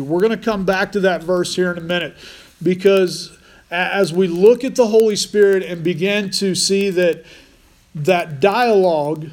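A man's voice: high voice, unhurried, a little mellow. A man preaching a conversational sermon as pastor, restarting phrases often.

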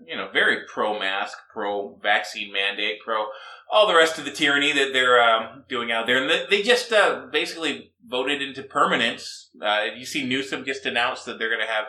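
A man's voice: medium pitch, expressive, normal speed, pushed and bright. A man hosting a comedy podcast, casual and sardonic, with mumbled asides. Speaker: podcast host. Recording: echoey room.

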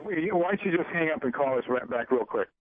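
A man hosting a radio show, talking in a halting, folksy way full of ums and uhs. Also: fairly high pitch, expressive. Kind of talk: casual radio interview. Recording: dry, tinny phone-like broadcast audio.

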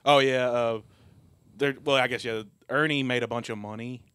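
A man hosting a casual movie podcast, relaxed and steering the conversation. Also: mid-range voice, normal speed, smooth, dry recording, clean studio sound. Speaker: podcast host. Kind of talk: casual chat.

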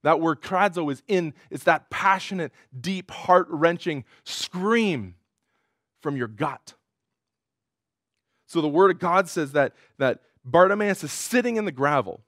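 A male pastor preaching a sermon in an earnest way, rising in pitch and force when he quotes cries. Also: animated, measured pace, a bit bright, dry recording, studio quality.

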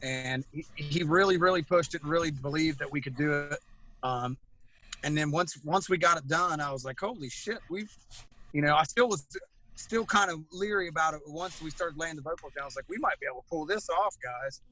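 Male band singer, slightly high and bright, chatty storyteller. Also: fairly quick, poor audio. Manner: storytelling, laughs often. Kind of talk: casual chat.

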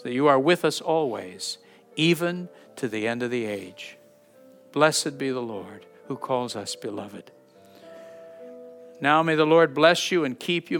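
Earnest and fervent, a male pastor with a medium-pitched, fairly bright voice slows to read scripture aloud during his sermon and then leads the closing prayer and blessing.

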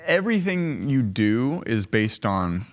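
A man's voice: medium pitch, big pitch swings, measured pace. A young man hosting a podcast in casual chat, blunt and profane, rambling through his opinions. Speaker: podcast co-host.

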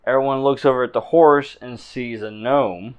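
A man runs a tabletop game, narrating the scene in a chatty, easygoing way. He laughs often and drifts through fillers as he describes what the players find. His voice sits at an ordinary middle pitch. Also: steady tone, normal speed, clean tone, dull audio. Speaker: game master.

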